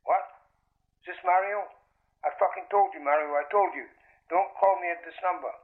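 A man's voice: sits high, moderate pace, narrow, tinny audio, pitched above the performer's own voice, close to an everyday voice. A man reading a story and voicing an angry, profane male drug dealer on the phone. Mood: hostile. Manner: swearing and defensive.

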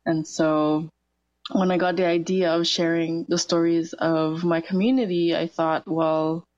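A woman's voice: lowish voice, level tone, unhurried, darkish tone, dry recording, dull audio. A woman guest on a community radio show, a massage therapist speaking earnestly and sometimes searching for words. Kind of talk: radio interview. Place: radio studio.

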